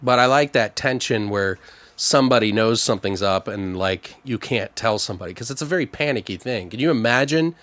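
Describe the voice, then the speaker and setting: A man co-hosting a podcast, brainstorming a story in a casual, animated way and often acting out the lines of characters. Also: fairly low pitch, no echo. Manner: animated, quick to act out quoted lines. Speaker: podcast co-host.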